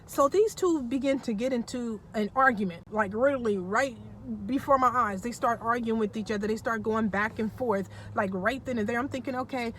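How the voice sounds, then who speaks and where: A woman tells a personal story to her vlog audience in a chatty, animated way. Her voice sits fairly high, and a faint background hiss stays under it. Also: brisk, few pauses. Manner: chatty, animated, laughs while telling. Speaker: storytime vlogger. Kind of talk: casual storytelling.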